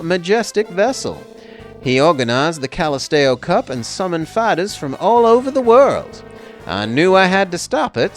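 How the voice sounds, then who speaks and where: A folksy old Texan cowboy drawls his story in a lively, bouncing voice, as a man puts on the accent. He speaks in a down-home, easygoing way, like a character from a handheld video game. Faint music sits behind him. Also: on the high side, pitched above the performer's own voice. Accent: put-on Texan.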